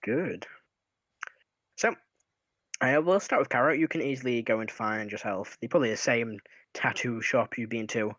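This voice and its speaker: A man running a tabletop game as game master, narrating in a relaxed, rambling way and humming while he thinks. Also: medium pitch, moderate pace, long pauses, no room sound.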